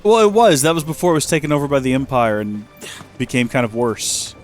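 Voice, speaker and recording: A man's voice: medium pitch, sing-song, brisk, faint music behind. A man chatting and joking as a let's play host, rambling as he plays. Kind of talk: gameplay commentary.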